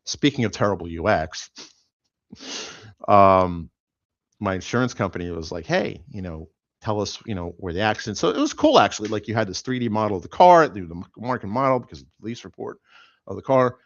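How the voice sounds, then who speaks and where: A middle-aged man, still sore after an accident, hosting a show and telling a rambling, animated story with lots of fillers. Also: on the low side, fairly quick, dry recording, highs cut off. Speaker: host. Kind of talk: casual chat.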